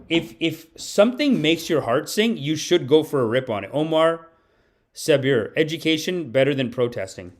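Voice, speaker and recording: A comedian streaming live, a man chatting loosely with his audience and reading donations, with many "like"s. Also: fairly high pitch. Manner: rambling, many "like"s.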